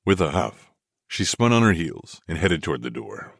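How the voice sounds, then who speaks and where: A man narrating a first-person romance audiobook in a measured, expressive way. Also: extremely low pitch, creaky, no echo, studio quality.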